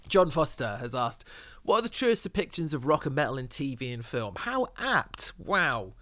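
A podcast host talks casually, rambling with lots of fillers and restarts. His voice is on the high side, very animated and fairly bright, at a moderate pace.

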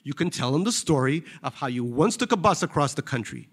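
A man doing a calm, reproachful younger friend. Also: fairly high pitch, husky. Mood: measured blunt. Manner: quiet, measured and blunt. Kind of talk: reading a novel aloud.

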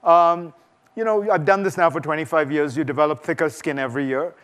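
A man's voice: fairly high pitch, fairly quick, a bit bright. A man giving a conversational, emphatic festival talk and taking audience questions, often restarting his sentences. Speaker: guest speaker. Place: lecture hall before an audience.

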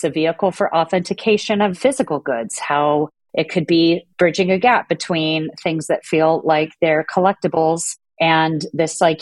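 Guest exec, woman, middle-aged, fluent and articulate, low pitch. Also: no room sound. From Southern California. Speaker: guest executive. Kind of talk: podcast interview answers.

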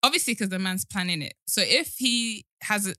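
A young woman joins a podcast as a guest and chats casually, agreeing often as she talks. Her voice sits at a middle pitch with a bright, clear edge. The recording is close and dry. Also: animated, normal speed, no room sound. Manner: agreeable, lots of affirmations. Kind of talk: casual chat.

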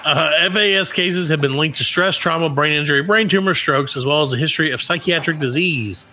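Bright-voiced man joking on a podcast. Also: a little high, brisk. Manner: joking, recaps a news story with goofy asides. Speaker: podcast co-host. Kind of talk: casual comedic chat.

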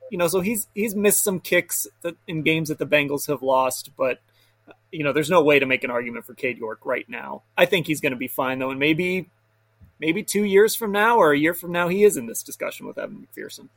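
A man with a slightly high voice weighs in on a casual sports panel. He restarts his sentences often. The sound is dry and close. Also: big pitch swings, a little fast, vocal fry, a bit bright, no room sound. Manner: hesitant, stammering restarts.

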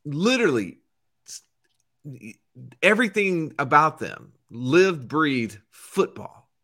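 A man co-hosting a podcast, talking emphatically with dramatic pauses. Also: on the high side, sing-song, a bit bright. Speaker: podcast co-host. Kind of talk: podcast intro chat.

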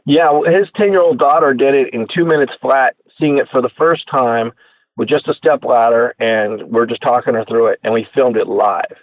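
A man telling his inventor story as a radio guest, animated and acting out the people he quotes, heard over a tinny phone line. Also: medium pitch, moderate pace, no echo. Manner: animated storyteller who acts out quoted voices. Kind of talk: casual storytelling interview.

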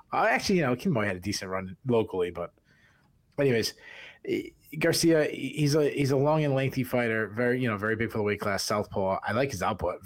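A man with a Boston accent co-hosting a podcast, giving casual fight analysis with lots of restarts and fillers. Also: on the low side. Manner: rambling, many restarts and fillers. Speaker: podcast co-host.

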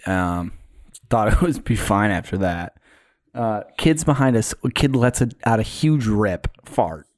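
A young man, co-hosting a podcast, telling stories in a casual, animated way. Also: fairly low pitch, measured pace, dry recording, studio quality. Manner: storytelling, animated retelling with put-on quotes. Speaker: podcast co-host. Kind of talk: casual chat.

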